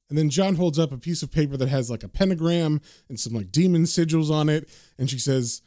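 In clean studio audio with no room sound, a man with a fairly high, warm voice reads a comic aloud and recaps it. He talks a little fast with few pauses, casually sprinkling in loose filler words.

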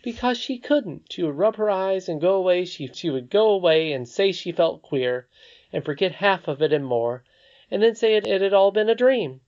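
A narrator voicing a very old, wise great-great-grandmother, speaking softly and calmly. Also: mid-range voice, normal speed, voice pushed up, close to an everyday voice. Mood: patient. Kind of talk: audiobook character voice. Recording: slightly dull lo-fi recording.

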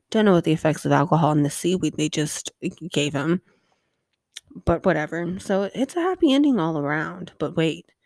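A woman's voice: low voice, darkish tone, dry recording, clean studio sound. A woman hosting a casual rewatch recap of a TV episode, rambling with lots of fillers and offhand swearing.

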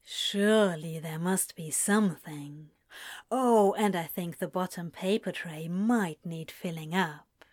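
A woman voicing a flirtatious man who teases in a low, slow drawl on the phone. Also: darkish tone, dry recording, studio quality. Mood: teasing. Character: flirtatious male seducer on the phone.

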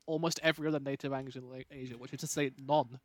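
A man from England co-hosting a podcast, joking quickly and swearing in casual chat. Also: mid-range voice, fairly even intonation, no echo. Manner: fast, jokey, swears. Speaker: podcast co-host.

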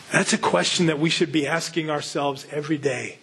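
Husky-voiced pastor, a touch high, earnest conversational teacher who reads scripture and asks the audience questions. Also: male voice, fairly even intonation, a little fast, few pauses, a bit bright. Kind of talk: Bible reading and sermon teaching.

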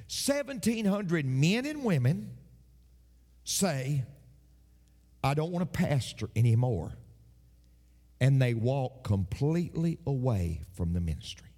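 A man's voice: a little high, darkish tone, in a large hall. A man preaching a sermon, emphatic and fond of repeating his phrases for effect. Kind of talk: sermon with a told joke.

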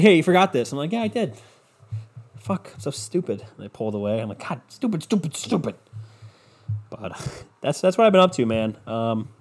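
A man's voice: medium pitch, darkish tone. Young male podcast host, casual solo monologue, profane, rambling, self-mocking.

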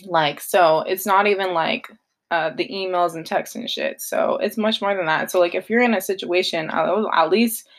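A woman's voice: lowish voice, moderate pace. Blunt, swearing young woman podcaster. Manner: blunt, heavy swearing, confessional. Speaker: podcast host. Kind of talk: casual solo podcast monologue.

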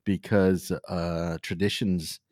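A man with a very low, deep voice hosts a podcast in a relaxed chat. He talks thoughtfully and hesitates, with many ums and restarts. The recording is dry and close. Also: slow, no echo. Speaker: podcast host. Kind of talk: casual conversation.

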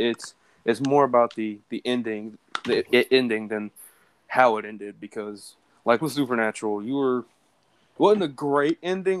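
A man's voice: mid-range voice, slight background noise. A young man co-hosting a casual podcast chat, talking earnestly and rambling with fillers. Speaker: podcast co-host.

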